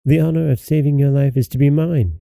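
A man's voice: on the high side, a little fast, creaky, dark tone, no echo, voice pushed up. A man voicing a devoted, self-sacrificing female servant in a storybook reading, speaking fervently and humbly.

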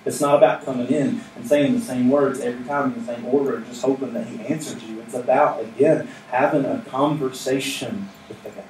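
A man's voice: mid-range voice, fairly even intonation, a little fast, few pauses, darkish tone. Man preaching casually in an echoey church. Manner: casual, joking, plain-spoken preaching. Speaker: pastor. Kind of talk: conversational sermon. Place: church sanctuary with responding congregation. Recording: echoey room, mic at a distance, faint noise.

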